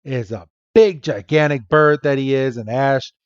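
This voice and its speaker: Slow-talking man recapping a cartoon. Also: medium pitch, clear, resonant tone, no room sound, muffled recording. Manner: playful, acts out the characters' lines. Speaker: podcast host. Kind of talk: casual episode recap.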